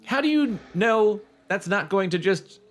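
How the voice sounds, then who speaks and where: A woman's voice: medium pitch, unhurried. A woman co-hosting a casual podcast, reading a children's book aloud and joking about it, laughing often and swearing freely. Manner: giggly, animated, swears freely. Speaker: podcast co-host. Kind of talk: casual read-along chat.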